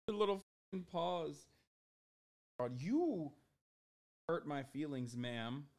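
A man hosting a livestream in casual chat, animated and profane, playing up being offended. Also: fairly high pitch, slow pace, long pauses, dry recording, clean studio sound. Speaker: livestream host.

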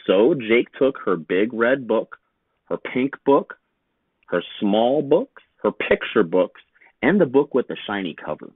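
A man, a teacher, reading a children's picture book aloud with slow, very expressive storytelling. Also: mid-range voice, breathy edge, no room sound. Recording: tinny phone-like sound, dry.

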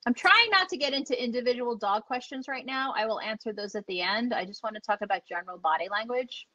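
A woman's voice: fairly high pitch, fast, bright, forceful tone, no echo. A woman dog trainer teaching online, chatty and enthusiastic, acting out the dogs as she explains. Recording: dull lo-fi audio.

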